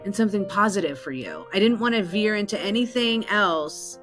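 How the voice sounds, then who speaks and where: A woman hosts a podcast in a middle-pitched voice. She gently affirms her guest and then reads the closing credits and sign-off. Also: sing-song, a little fast, faint music behind. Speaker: podcast host.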